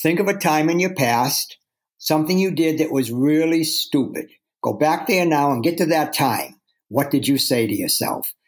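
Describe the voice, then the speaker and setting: A man's voice: a little high, expressive, normal speed. A man talking earnestly as a guest author, acting out the inner voices he describes. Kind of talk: reflective interview talk.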